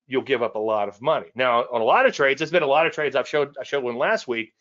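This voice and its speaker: A man teaching traders in a live session. His pitch sits in the middle, and the recording sounds a little dull and muffled. He talks casually and drifts off topic, repeating himself and laughing at his own jokes. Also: expressive, fast, a bit bright. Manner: conversational and digressive, chuckles at his own asides; repeats phrases and restarts sentences. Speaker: trading educator hosting a live weekly show. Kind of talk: live trading presentation.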